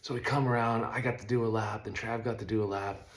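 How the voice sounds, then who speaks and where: Male vlogger, middle-aged, low voice, relaxed slangy storyteller who does noisy sound effects. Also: quick pace. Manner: animated, makes loud sound effects while telling; laid-back, uses slang like stoked and dope. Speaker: vlog host telling a story. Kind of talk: casual storytelling monologue.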